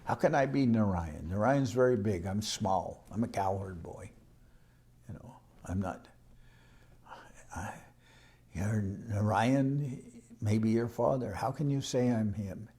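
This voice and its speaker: A man reading aloud puts on a young cowherd boy god, coy and playful, pretending not to understand. He swings from squeaky high questions down to hushed, mellow mutters. His denials sound innocent and teasing. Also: slow, long pauses. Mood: coyly protesting. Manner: protesting, mock-bewildered questions.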